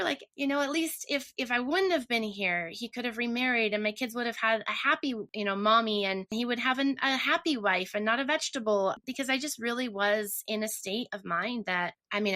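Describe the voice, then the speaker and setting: A woman's voice: medium pitch, pushed and bright. A woman telling her personal story earnestly and emotionally, often restarting her sentences. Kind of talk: personal testimony.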